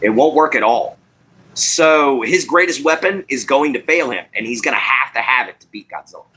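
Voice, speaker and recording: Bright-voiced Texan country host. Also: male voice, mid-range voice, expressive, normal speed, breathy edge. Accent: Southeast Texas country twang. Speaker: live-stream host. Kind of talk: casual live-stream chat.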